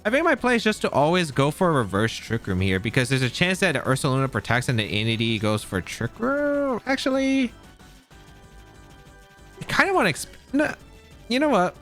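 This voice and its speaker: A man narrates his competitive match as it happens, weighing each move aloud and doubting his choices. His voice is bright and lively, swinging up and down in pitch. Faint music plays underneath. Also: brisk. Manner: thinks aloud, second-guessing plays. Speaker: competitive game player. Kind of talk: live gameplay commentary.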